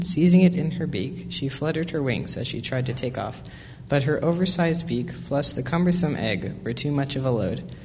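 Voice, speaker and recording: Male storyteller, measured read-aloud pace, echoing hall, faint hiss. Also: mid-range voice. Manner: measured, with small slips and self-corrections. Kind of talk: storybook reading.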